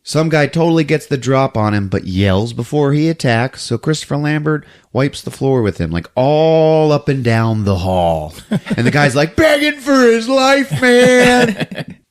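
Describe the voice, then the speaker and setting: Man with a lively, bouncing voice. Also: mid-range voice, moderate pace, few pauses. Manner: animated, laughs often while telling. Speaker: podcast host. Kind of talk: casual movie recap.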